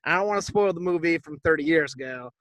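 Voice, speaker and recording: A man co-hosting a podcast, casually retelling a movie plot in a rambling, profane way and tossing off quick impressions of the characters. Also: on the high side, fairly bright tone, no room sound, low-quality recording. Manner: rambling, profane, acts out quotes loosely. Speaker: podcast co-host. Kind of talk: casual movie recap chat.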